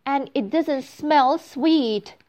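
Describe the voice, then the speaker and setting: A woman voicing a tiny, gentle young girl in a storybook reading, sweet and wide-eyed. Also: high voice, drawn-out words, voice pushed up. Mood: sad. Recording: dull lo-fi recording.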